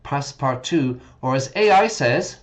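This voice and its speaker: A man's voice: lowish voice, animated, unhurried. A man teaching English while streaming a game, chatting casually, correcting himself and explaining words as he goes.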